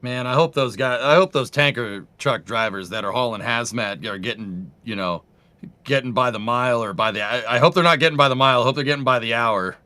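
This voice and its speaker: A man's voice: medium pitch, fairly quick, pushed and bright, no echo. A man co-hosting a live broadcast, laid-back and chatty, calling everyone "dude". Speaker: livestream co-host. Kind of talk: casual live commentary.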